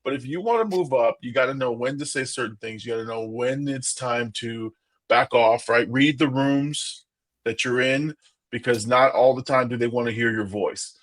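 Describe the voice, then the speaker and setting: A man's voice: mid-range voice, normal speed, a bit bright, no echo. A man co-hosting a casual podcast, talking loosely, repeating words and acting out little quotes. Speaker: podcast co-host. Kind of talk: casual chat.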